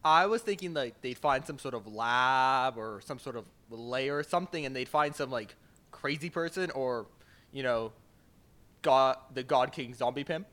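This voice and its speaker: A man's voice: mid-range voice, normal speed, fairly bright tone. An earnest, eager man chatting casually as a guest on a podcast. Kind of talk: casual chat.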